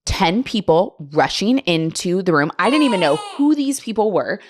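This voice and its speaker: A woman's voice: mid-range voice, moderate pace, background noise. A young woman hosting a podcast, telling a story in casual chat, acting out the voices of the people in it and laughing often. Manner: animated, acts out quoted voices, laughs often. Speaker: podcast host.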